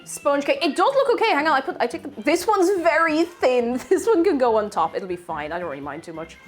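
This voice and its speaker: A chatty woman runs a live stream from her home kitchen, baking and answering her chat as she goes. Her voice sits a little high and bounces all over the place. Faint music plays underneath. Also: big pitch swings, brisk.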